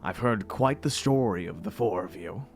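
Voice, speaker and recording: A man's voice: fairly low pitch, expressive, normal speed, faint music behind, pitched below the performer's own voice. A man voicing a formal, wary tiefling servant in a tabletop game.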